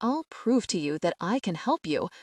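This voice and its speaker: A woman's voice: mid-range voice, big pitch swings, moderate pace, a little mellow, no room sound. A woman reading as an earnest young queen. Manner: earnest, pressing.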